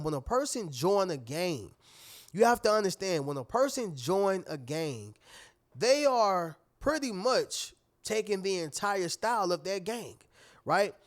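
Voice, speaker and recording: A man giving a motivational talk, preachy and repetitive, often addressing listeners as family. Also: sits high. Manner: preachy, repeats phrases, calls listeners "y'all" and "family". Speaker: motivational speaker. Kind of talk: motivational monologue.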